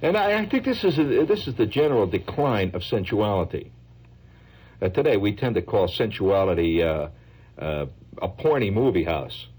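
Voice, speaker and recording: Husky New radio host musing. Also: male voice, lowish voice, moderate pace. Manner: lively, musing, slips into mock voices. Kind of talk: rambling on-air monologue.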